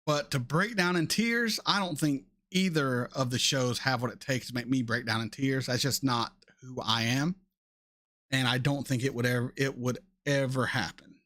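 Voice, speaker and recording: A man in his thirties hosting a casual chat, answering viewer questions in a blunt, animated way and swearing freely. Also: mid-range voice, moderate pace. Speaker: reaction channel host.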